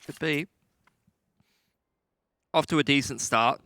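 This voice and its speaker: Jokey male esports analyst, bright voice. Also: on the high side, slow pace, no echo. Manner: jokey, chatty. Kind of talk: color commentary.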